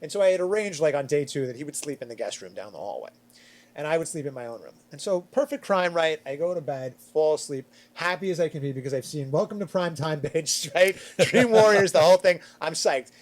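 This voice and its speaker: A middle-aged man from Long Island, chatting on a podcast and telling a story with lively, acted-out quotes. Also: fairly quick. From Long Island, New York. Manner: animated, acts out quotes with big swings in pitch and loudness. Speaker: podcast panelist. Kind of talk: casual storytelling chat.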